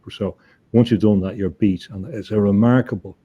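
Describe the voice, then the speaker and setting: A man, a guest on an interview show, telling a story in an earnest, halting way, often repeating words as he thinks. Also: lowish voice, steady tone, slightly rough, muffled recording. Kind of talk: conversational storytelling.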